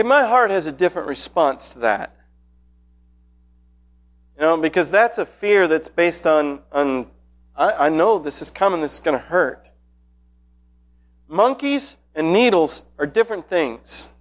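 In a church hall before his congregation, a high-pitched pastor delivers a sermon. He speaks conversationally, like a storyteller, and his excitement steadily builds.

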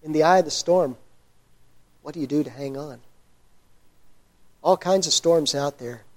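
A male preacher with a voice that sits high for a man, delivering a sermon with animated, humorous storytelling. He poses rhetorical questions and sometimes drops to a quiet, earnest tone. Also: unhurried. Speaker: pastor.

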